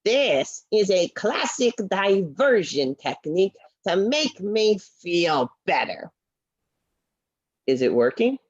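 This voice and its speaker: A woman's voice: mid-range voice, big pitch swings, dry recording, dull audio. A woman voicing a glum, frustrated male felt animal puppet who sighs and sulks, in a puppet show over a video call. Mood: wistful. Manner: mopey, sighing, slow and sulky.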